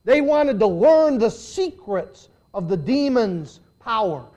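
An older man preaching a sermon as a pastor, swinging between hushed, intimate lines and loud, emphatic declarations. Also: high-pitched, big pitch swings, slow.

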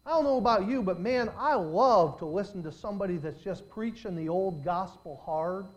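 A high-pitched man preaches from the pulpit, his voice climbing and swelling on key words before falling to quiet asides. He leans on phrases, slows down to stress them and talks straight to his congregation. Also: expressive, lo-fi sound. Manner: preaching with surges of volume and drawn-out emphasis. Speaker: pastor. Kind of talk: sermon.

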